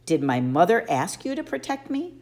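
A woman's voice: fairly low pitch, very animated, moderate pace, a little mellow. A woman voicing a twelve-year-old boy who speaks bluntly and urgently, in an audiobook. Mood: grieving.

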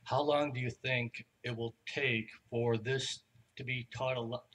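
A man asking a question from the audience at a conference, halting and rephrasing as he goes. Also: mid-range voice, steady tone, a bit bright, breathy edge. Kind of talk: live Q&A question.

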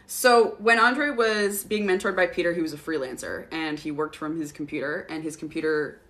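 A young woman talking casually on a livestream, answering viewer questions and telling stories. Her voice is bright and pushes forward, sitting slightly low in pitch. She swears freely and laughs often. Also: normal speed.

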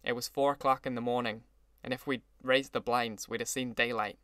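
A man's voice: mid-range voice, fairly even intonation, a little fast, a bit bright, no room sound, studio quality, lightly acted. A man voicing a gloomy old gangster. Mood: brooding. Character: older male gangster, gloomy and sentimental.

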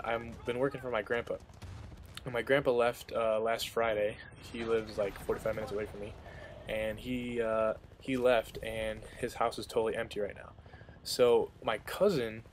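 Flat-voiced young man rambling over gameplay. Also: on the low side, slight background noise. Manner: rambling, filler-heavy storytelling. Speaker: gameplay commentator. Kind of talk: casual commentary over gameplay.

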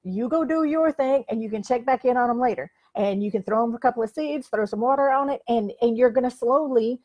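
A woman's voice: on the high side, brisk, a little mellow. Frank, emphatic older woman life coach. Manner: frank, emphatic, says "like" often. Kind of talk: motivational talk to camera. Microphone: facing the camera.

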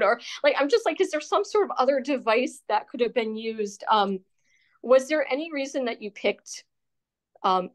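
A woman interviewing an author, asking her questions tentatively with many fillers. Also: on the high side. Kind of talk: conversational interview.

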